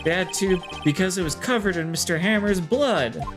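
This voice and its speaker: A woman's voice: on the low side, moderate pace, over music, natural voice. A woman reading the lines of an earnest young male defense lawyer in a game. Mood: arguing.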